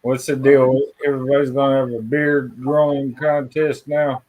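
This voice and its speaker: A man's voice: medium pitch, little pitch movement, normal speed, narrow, tinny audio. A man hosting a casual chat, folksy and self-deprecating, with casual swearing.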